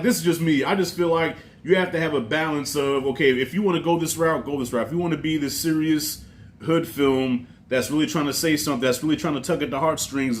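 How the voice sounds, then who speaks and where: A man reviewing a film in a casual vlog, talking in a loose, profane, rambling way. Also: a little high. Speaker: movie reviewer.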